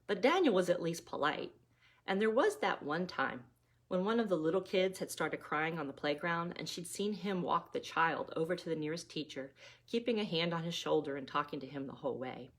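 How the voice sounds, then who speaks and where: Woman reading aloud, storybook narration, low voice, gentle motherly delivery. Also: animated, brisk. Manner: gentle, like a mom reading to her kids. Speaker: author reading her own novella.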